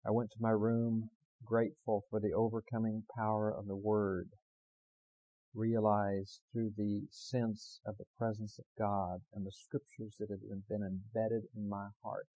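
A man's voice: lowish voice, measured pace, no room sound, highs cut off. Impassioned male preacher. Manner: builds from calm storytelling to loud impassioned preaching; repeats phrases for emphasis. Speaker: pastor. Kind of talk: sermon.

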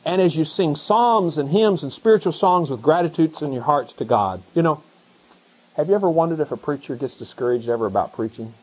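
A middle-aged man, a pastor, preaching a conversational sermon that swings between hushed asides and excited emphasis. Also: fairly high pitch, fairly quick, husky, low-quality recording.

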